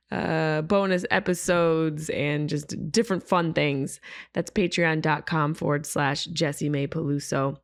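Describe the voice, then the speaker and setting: A woman opens her podcast in a worn, hoarse voice that sits somewhat low. She talks in a loose, rambling, self-deprecating way. The sound is dry and close. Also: steady tone, unhurried, no room sound. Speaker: podcast host. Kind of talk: casual podcast intro.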